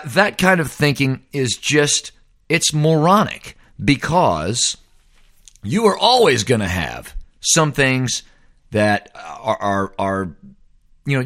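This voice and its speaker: A middle-aged man delivers a sports opinion monologue. His voice swings widely in pitch as he rants, sounding exasperated and emphatic. He stays blunt and heated throughout. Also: fairly bright tone. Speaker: host.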